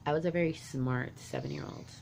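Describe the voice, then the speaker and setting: A woman's voice: low voice, brisk, darkish tone, slight background noise. A woman vlogger telling a personal story from her childhood, candid and rambling, full of "like" and restarts. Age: adult parent.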